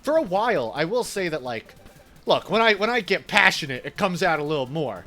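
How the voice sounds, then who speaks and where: A man's voice: on the high side, big pitch swings, a little fast, bright, forceful tone, faint music behind. A man from New York with an Italian-American New York accent, chatting casually and laughing while streaming a game. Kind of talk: casual chat while gaming.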